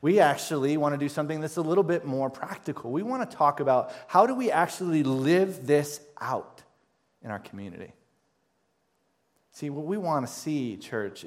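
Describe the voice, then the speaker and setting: A male pastor preaching a sermon to his congregation, emphatic, with repeated phrases and rising questions. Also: medium pitch.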